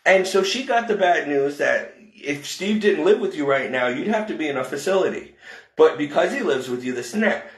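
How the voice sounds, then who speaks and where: A man venting about caring for an elderly woman, rambling in frustration, with quick rushes and slow, heavy emphasis. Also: fairly high pitch, expressive, roomy sound. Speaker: caregiver telling his story. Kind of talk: emotional personal vlog rant.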